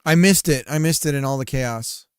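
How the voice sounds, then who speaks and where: A man chats loosely to his live audience as he works through code, joking and dropping the odd swear. His voice sits at an ordinary middle pitch. It is recorded close and completely dry, with no room sound at all. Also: normal speed, clear, resonant tone, dry recording. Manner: loose and joking, addresses chat as bros, swears. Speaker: streamer. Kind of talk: casual live-stream chat while coding.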